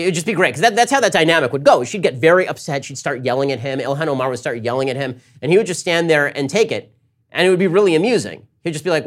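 A man hosting a political commentary show, talking in a fast, sarcastic monologue and mimicking his opponents in quick asides. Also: a little high, a bit bright.

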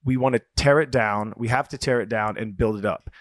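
Male podcast co-host, mid pitch, loose swearing storyteller, dry close mic. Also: brisk, no echo. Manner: rambling, swears freely, retells stories with quoted voices. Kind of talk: casual chat.

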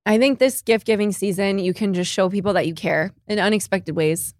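A woman co-hosting a podcast, telling a heartfelt personal story in a slow, earnest, casual way. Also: medium pitch, a little mellow, no echo, clean studio sound. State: tearful. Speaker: podcast co-host. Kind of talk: casual chat.

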